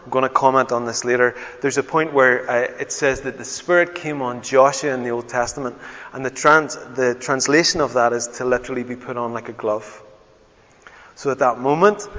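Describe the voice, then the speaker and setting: A man preaching a sermon as pastor, swinging from loud exclamations to hushed, tender words. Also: medium pitch, steady tone, normal speed. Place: church hall. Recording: dull sound with long church reverb.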